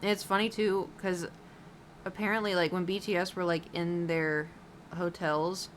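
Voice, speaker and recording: A woman's voice: lowish voice, little pitch movement, normal speed, slight background noise. A woman streamer chatting casually while painting, rambling with lots of fillers and giggles.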